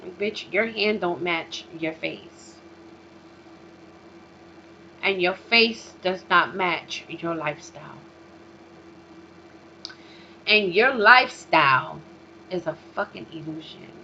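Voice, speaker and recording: A woman hosting her own vlog, ranting in a profane, emphatic way, swinging from loud outbursts to low mutters. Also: takes it slowly, long pauses. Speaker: vlog host. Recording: dull lo-fi recording with faint noise.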